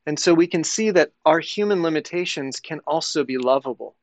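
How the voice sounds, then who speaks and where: A man, a priest and podcast guest, explains spiritual ideas in a reflective, thinking-aloud way. His voice sits a bit high for a man. The sound is close and dry. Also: expressive, fairly quick, no echo. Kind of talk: conversational spiritual discussion.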